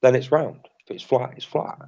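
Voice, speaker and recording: A man's voice: mid-range voice, moderate pace, vocal fry, mellow, lo-fi sound. A British man hosting a livestream in casual chat, blunt and repetitive, swearing freely. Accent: British English. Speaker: livestream host.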